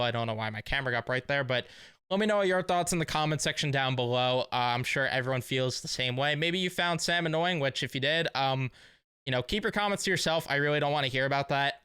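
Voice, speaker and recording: A man's voice: medium pitch, bright, forceful tone, smooth, dry recording, clean studio sound. A young man hosting a sports fan vlog, talking in a casual, emotional, rambling way full of fillers. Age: young adult. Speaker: sports fan channel host.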